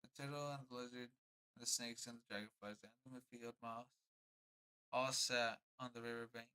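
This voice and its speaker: A young man reads a children's storybook on a casual livestream. He narrates plainly and drops into laid-back, slangy asides. His voice sits at an ordinary middle pitch. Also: little pitch movement, moderate pace, sharp tone, clear, resonant tone, low-quality recording. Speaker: streamer reading aloud.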